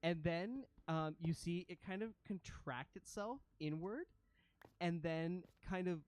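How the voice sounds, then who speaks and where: A man's voice: high-pitched, a little slow, a little mellow. A man narrating a tabletop role-playing game as game master, giving vivid, gross descriptions and chuckling often.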